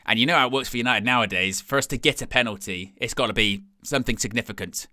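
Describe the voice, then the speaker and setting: Young man, fan match commentary, excitable outbursts, bright tone, dry close sound. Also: mid-range voice, quick pace, no echo. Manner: excitable, jumps to loud shouts at chances then drops to quiet asides. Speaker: fan watch-along host.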